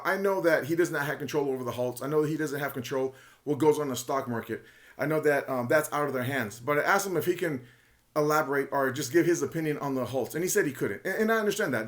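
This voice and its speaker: A man with a voice on the high side delivers a casual, emphatic monologue as a retail investor commentator. He shares his opinions, speculates, and often repeats himself.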